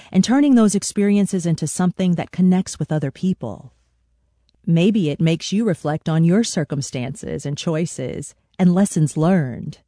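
Woman, radio host, measured scripted delivery, warm mellow tone. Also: deep voice, no room sound, studio quality.

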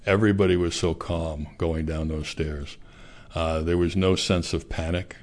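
A man being interviewed, recounting a personal experience in a measured, reflective way. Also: deep voice, steady tone, darkish tone.

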